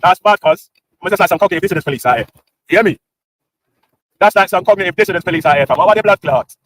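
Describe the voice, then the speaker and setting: A man's voice: high voice, lively intonation, very fast, fairly bright tone. A British man hosting a livestream, ranting in casual street slang with lots of banter. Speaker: livestream host.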